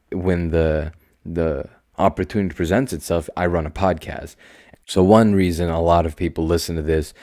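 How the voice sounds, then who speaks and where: A young man hosting his own podcast in a casual solo monologue, talking slowly and calmly in a soothing, self-assured way, with quiet asides and sudden emphatic bursts. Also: sits low, no room sound, studio quality. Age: young adult. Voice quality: slow, calm and soothing delivery. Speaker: podcast host.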